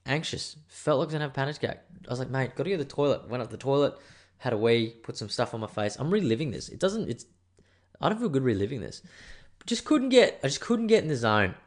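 A man's voice: mid-range voice, big pitch swings, fast talker. A man with an Australian accent telling a rambling, profane, self-mocking story in a casual monologue.

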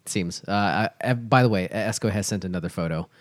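A man's voice: sits low, a little fast, no echo, clean studio sound. Wry man hosting a casual podcast. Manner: wry, teasing, steers the talk. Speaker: podcast host. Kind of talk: casual chat.

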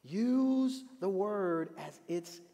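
High-voiced preaching man in a hall. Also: very slow, gravelly. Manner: animated preaching, rising to emphatic repeated refrains. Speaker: pastor. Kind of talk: sermon. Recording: long reverb of a hall.

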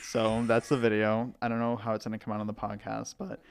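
A young man and podcast co-host telling animated stories, full of "like", into a podcast microphone. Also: lowish voice, brisk, gravelly, soft background music. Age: young adult. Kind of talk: casual storytelling.

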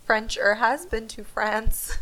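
A woman's voice: fairly high pitch, slow, bright, forceful tone, low-quality recording. Rambling woman, casual chat. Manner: rambling, filler-heavy, self-correcting. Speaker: podcast co-host.

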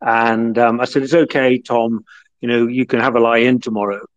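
A man's voice: mid-range voice, fairly even intonation, normal speed. A middle-aged man from the North of England, a guest telling long anecdotes with many fillers and restarts. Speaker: guest, former football club chief executive. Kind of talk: relaxed anecdotal storytelling. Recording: slightly muffled lo-fi audio.

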